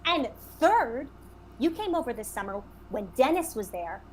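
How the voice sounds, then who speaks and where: A blunt middle-aged businesswoman who airs every grievance, acted by a woman in a comic reenactment. Her voice is high and very lively, with a faint hiss behind it. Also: moderate pace. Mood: accusing. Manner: blunt, accusing, talks over others.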